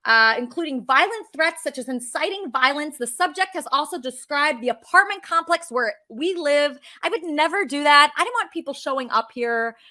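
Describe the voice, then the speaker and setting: A woman's voice: high voice, lively intonation, normal speed, hardly any pauses, bright, forceful tone. Woman host ranting to her viewers, keeps saying okay?, voice swoops all over. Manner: indignant, frequently adds "okay?". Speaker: show host. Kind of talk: venting monologue to viewers.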